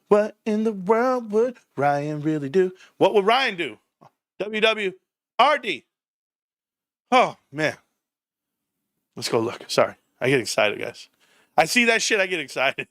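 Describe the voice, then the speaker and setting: A man hosting a stock livestream, excitable and profane, often laughing and shouting. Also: high voice, a little slow, pauses often, no echo, studio quality. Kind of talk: livestream commentary.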